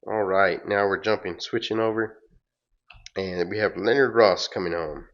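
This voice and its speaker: A man casually reading a comic aloud, relaxed and narrating panel by panel, on a dull lo-fi recording. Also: low-pitched, normal speed. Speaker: comic book reader.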